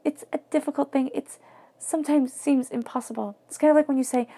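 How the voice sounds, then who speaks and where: A woman giving a tarot reading in a soft, flowing, reflective way, sometimes dropping to near-whispers. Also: high voice, steady tone, fairly quick. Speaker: tarot reader.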